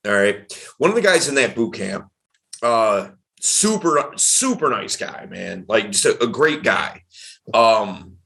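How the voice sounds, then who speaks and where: A man, a dating coach and podcast host, talking in a casual chat with an animated, emphatic delivery. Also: lowish voice, slow, gravelly. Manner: animated, emphatic, varied tonality.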